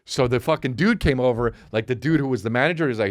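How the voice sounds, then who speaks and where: Animated, profane man ranting a comic story. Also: mid-range voice, racing, no room sound, studio quality. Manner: profane, animated, self-interrupting rant. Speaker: podcast host. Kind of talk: comedic storytelling monologue.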